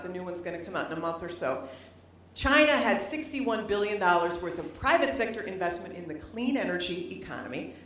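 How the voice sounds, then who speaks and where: A middle-aged woman giving a public lecture to an audience, animated and humorous, at times rising almost to a shout. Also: fairly low pitch, a little hiss or hum. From United States. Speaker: lecturer, former governor. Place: library lecture hall. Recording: very echoey hall, voice from some distance.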